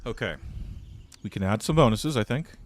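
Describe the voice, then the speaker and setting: Young man, game streamer, low voice, very animated delivery, jokey, theatrical, chatting to viewers. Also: moderate pace. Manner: joking, theatrical, talks to chat. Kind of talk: casual gameplay commentary.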